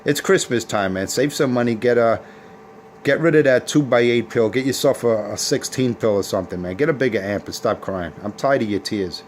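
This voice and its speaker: A man's voice: mid-range voice, normal speed, a little hiss or hum. A man hosting a casual CB radio video, boasting and taunting rival operators with trash talk. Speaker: CB radio operator and channel host.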